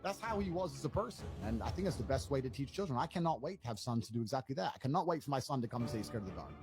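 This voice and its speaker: A man's voice: mid-range voice, expressive, rapid-fire, hardly any pauses, music in the background. A man telling a story in a brash, boastful way, swearing freely. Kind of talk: casual storytelling rant.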